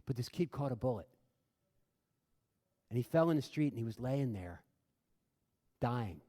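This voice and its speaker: A man's voice: medium pitch, lively intonation, unhurried. Earnest man speaking in a reverberant hall. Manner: earnest, builds to raised emphatic bursts then drops quiet. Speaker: speaker addressing an audience. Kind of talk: impassioned public talk with storytelling. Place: large room with a live audience.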